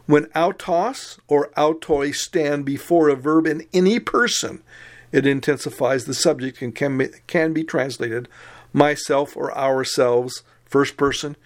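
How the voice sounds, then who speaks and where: A man's voice: a little high, unhurried. A man teaching a recorded Greek grammar lesson, methodically reciting and explaining word forms.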